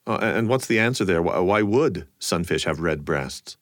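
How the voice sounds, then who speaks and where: A man with a fairly low voice hosts the show, narrating from a script and putting questions to his guest. He sounds amused and chuckles easily. The recording is dry and close. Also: animated, moderate pace, dry recording. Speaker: radio show host.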